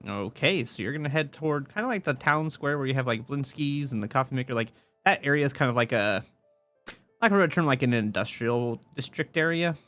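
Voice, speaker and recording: A man's voice: medium pitch, expressive, brisk, a bit bright, soft background music. A man narrating a tabletop game as dungeon master, rambling with many fillers and restarts.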